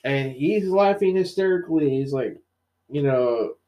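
A man's voice: a little high, measured pace, lo-fi sound. A man in casual conversation, eagerly retelling a story with lots of "you know" and "like". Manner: animated retelling with many fillers. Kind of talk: casual comic book discussion.

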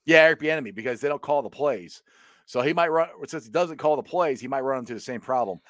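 A man hosting a casual sports talk show, animated and reading viewer comments aloud. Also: medium pitch, quick pace, no room sound, clean studio sound. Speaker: show host.

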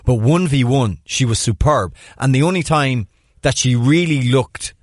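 A man's voice: mid-range voice, unhurried, dry recording. Dry-voiced man breaking down plays. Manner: animated, breaks down plays in detail. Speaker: podcast co-host. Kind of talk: casual sports analysis chat.

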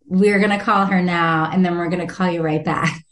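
A woman guest and author telling a personal story in an interview, animated, laughing often and acting out the voices she quotes. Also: lowish voice, unhurried, echoey room.

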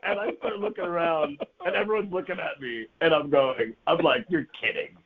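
This man's voice is on the high side and brisk as he animatedly recounts a wild tale in a casual chat, full of laughs and profanity. The audio sounds tinny, like a phone line.

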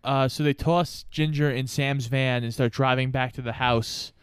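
A man's voice: medium pitch, steady tone, moderate pace, clear, resonant tone, no room sound, studio quality. A man co-hosting a casual podcast, recapping a movie with easy laughter and gleeful exclamations. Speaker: podcast co-host.

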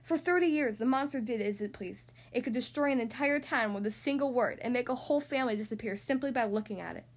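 A woman voicing a grumpy older male building superintendent in a read-aloud storybook, gruff and grumbling. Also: very high voice, fast talker, few pauses. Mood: solemn.

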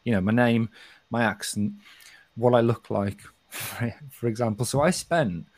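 A middle-aged man from England with a softened West Midlands accent, talking frankly and swearing often as a podcast co-host. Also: mid-range voice, measured pace, no echo. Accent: softened West Midlands English. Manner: frank and sweary, with frequent restarts. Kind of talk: casual podcast chat.

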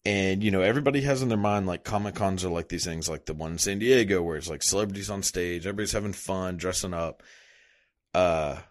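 A man's voice: low voice, fast talker. A young man talking in a loose, rambling monologue, swearing a lot and laughing at himself. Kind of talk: casual profane monologue.

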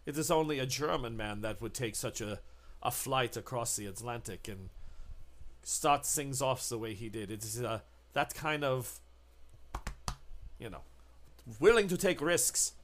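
Man playing a middle-pitched, halting, zealous shop clerk for a tabletop game; pushy salesman. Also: animated, slight background noise, close to an everyday voice. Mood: salesy. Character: pushy male shopkeeper, party zealot.

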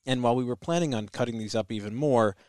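A man hosting a podcast, giving a measured, explanatory introduction to the episode. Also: medium pitch, a little mellow, no echo, clean studio sound. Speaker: podcast host.

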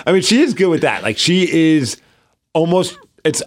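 A man's voice: fairly high pitch, very animated, normal speed. A man in his thirties co-hosting a podcast in casual chat, acting out his toddler in his stories. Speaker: podcast co-host.

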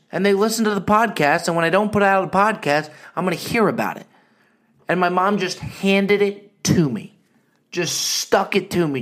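High-voiced, rambling podcast host. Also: male voice, fairly bright tone. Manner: loose, rambling storyteller. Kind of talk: casual live podcast monologue.

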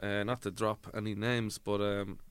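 A man, a guest on a comedy podcast, talking with swagger and deadpan humour. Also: fairly low pitch, normal speed, clean tone, no echo. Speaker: guest actor. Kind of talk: comedic podcast chat in character.

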